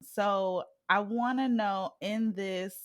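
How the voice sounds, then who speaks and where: A woman's voice: medium pitch, takes it slowly, dry recording, studio quality. A woman in her thirties hosting an interview, chatty and thinking aloud as she asks questions, laughing often. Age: 30s. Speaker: podcast host. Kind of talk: casual interview chat.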